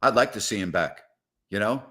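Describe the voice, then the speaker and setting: With a lowish, pushed, bright voice, lively intonation, and a moderate pace, a middle-aged man runs a live sports call-in show indoors from a house. He rambles, gets sarcastic, and sounds exasperated talking back to his audience.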